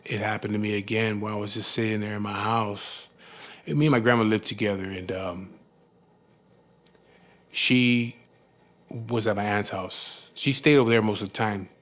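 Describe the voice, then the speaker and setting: A man with a fairly low voice tells his story candidly, in a rough, profane way. His talk is loose and full of "you know what I mean". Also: fairly even intonation, normal speed, long pauses, a bit bright. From California. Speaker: former prisoner telling his story.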